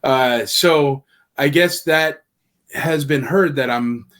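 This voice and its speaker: Man guest on a chat podcast, chatty storyteller who slips into voices for the people he quotes; mid-pitched, conversational. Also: slow. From Nashville area. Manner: animated storyteller, acts out quoted dialogue.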